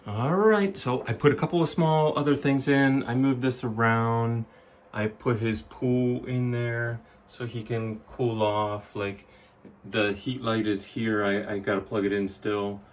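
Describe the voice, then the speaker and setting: A man's voice: mid-range voice, fairly even intonation, a little slow, a little hiss or hum. A man casually explaining his reptile enclosure step by step, chatty and informal, filming indoors at home. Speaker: pet owner showing his reptile setup. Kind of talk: casual how-to home video.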